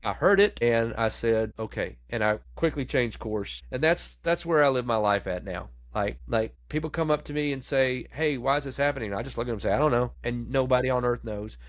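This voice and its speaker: A man's voice: brisk, few pauses, no echo. A man, a pastor, telling his story of grief and faith candidly in a podcast interview, in a plain conversational way. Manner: candid, conversational, acts out quoted voices; falls quiet and low when recounting grief.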